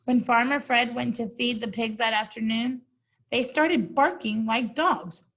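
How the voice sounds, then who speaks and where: A woman reads a children's story aloud and keeps stopping for casual, amused remarks to her listeners. Her voice is slightly high and husky, and she takes her time with every phrase. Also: measured pace, a bit bright, low-quality recording. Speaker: storybook reader. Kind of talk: reading a picture book aloud with chatty asides.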